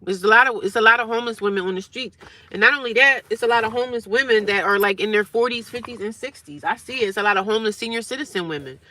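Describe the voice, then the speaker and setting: A woman's voice: fairly high pitch, fast talker, sharp tone, slight background noise, low-quality recording. A woman in her forties chatting casually on a live stream outdoors by her car, talking to viewers and answering their comments as she goes. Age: 40s. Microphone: phone on a tripod.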